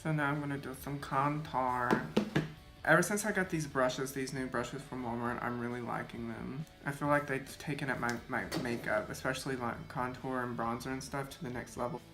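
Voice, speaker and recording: Speaking at a moderate pace with a mid-range, fairly even voice, this young beauty vlogger rambles on while applying makeup, peppering his talk with "like." He sits facing the camera and its onboard mic catches him. Faint music drifts through an echoey room.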